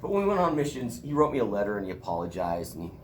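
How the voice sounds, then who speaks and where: A man's voice: lowish voice, sing-song, rapid-fire, slight background noise. A middle-aged man teaching a college class in a casual, joking storytelling manner. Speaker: college instructor.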